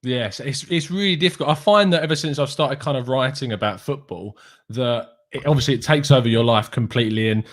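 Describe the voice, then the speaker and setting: A man hosting a casual football podcast, chatty and quick to laugh. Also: mid-range voice, fairly bright tone. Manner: chatty, laughs easily, friendly British banter. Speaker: podcast host. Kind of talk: casual chat.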